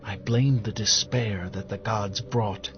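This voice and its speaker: A man voicing a proud, grim albino prince in a stern, clipped, measured way. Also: lowish voice, fairly even intonation. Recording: dull lo-fi audio with music behind.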